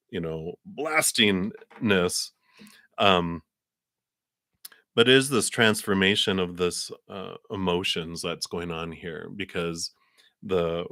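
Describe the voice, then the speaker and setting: A very deep-voiced man gives a live tarot reading, his tone bright and forceful. He rambles through long, winding explanations full of fillers. The sound is close and dry. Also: no echo. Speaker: tarot reader.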